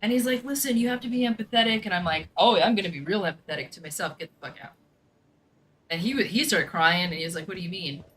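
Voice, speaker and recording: A woman's voice: lowish voice, animated, fast talker, fairly bright tone, a little hiss or hum, low-quality recording. A young woman telling a personal story in casual chat, blunt and profane, with lots of "like". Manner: blunt, profane, fills speech with "like". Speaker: gaming streamer.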